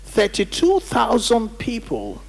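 Husky preaching man in echoing hall. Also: high voice, huge pitch swings, slow pace. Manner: emphatic preaching, calls on congregation to repeat. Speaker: pastor. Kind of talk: sermon. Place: church hall during service. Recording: church hall reverb.

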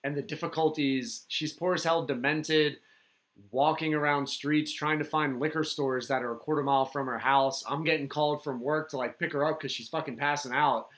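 A man's voice: a little high, steady tone, moderate pace, a bit bright. A man hosting a podcast, talking frankly and profanely in casual chat about his home life. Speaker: podcast host.

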